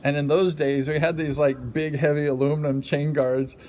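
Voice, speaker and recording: A man's voice: on the high side, level tone, moderate pace, slight background noise. Rambling middle-aged man telling a story. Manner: rambling, repetitive fillers. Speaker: former speedway racer. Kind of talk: casual storytelling. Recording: loud music underneath.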